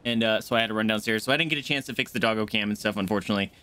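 A man live-streaming a game, chatting casually and excitably with his viewers from a home setup. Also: lowish voice, rapid-fire, dry recording. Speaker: gaming streamer.

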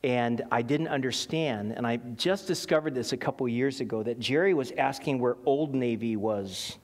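A middle-aged man preaching a sermon in a conversational, animated way, telling stories with many ums and restarts. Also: medium pitch, normal speed, a little hiss or hum. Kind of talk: sermon with personal storytelling. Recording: long hall reverb.

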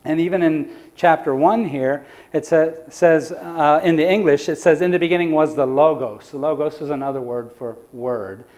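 A man's voice: on the high side, moderate pace, few pauses, a little mellow. A man preaching in a church, teaching the audience in a conversational lecture style and asking them questions. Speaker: evangelist.

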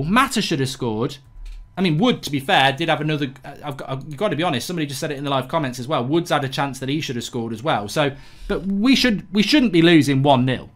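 A man's voice: on the high side, fairly bright tone. A man hosting live football reaction commentary, ranting and swearing in exasperation at his team's play. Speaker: football fan channel host.

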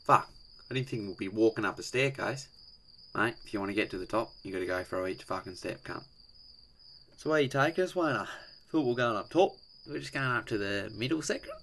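A gruff, crude Aussie bloke. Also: male voice, fairly low pitch, animated, fairly quick, a bit bright, a little hiss or hum. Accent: Australian. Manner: gruff, crude, swearing constantly. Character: crude, rough-edged Australian blokes.

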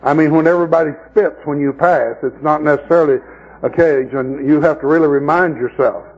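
A man's voice: on the high side, steady tone, brisk, highs cut off. A man preaching a sermon at a camp meeting, telling folksy stories and mocking the people he talks about. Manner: folksy storytelling preacher, mocking voices in quoted scenes.

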